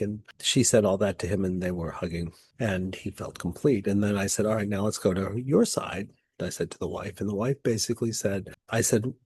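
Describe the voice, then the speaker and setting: A man working as a therapist, recounting a couples session in a soft, reflective, loosely phrased way. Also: lowish voice, fairly even intonation, brisk, few pauses, slightly rough, no room sound.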